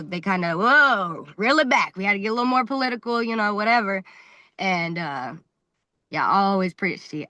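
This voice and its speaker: Blunt, animated woman wrestler telling stories. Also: a little high, dry recording. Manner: animated, blunt, swears freely, laughs often. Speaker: guest wrestler. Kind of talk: casual storytelling interview.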